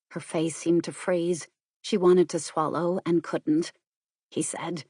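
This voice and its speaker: A woman narrating an audiobook in an even, composed, scripted style. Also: deep voice, measured pace, slightly rough, dry recording, clean studio sound.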